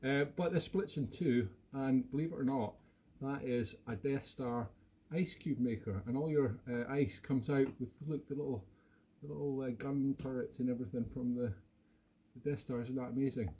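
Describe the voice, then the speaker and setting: A man's voice: medium pitch, normal speed, dark tone, slight background noise. A man in his fifties hosting a casual live stream from home, chatting playfully and rambling with many restarts. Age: 50s. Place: home room.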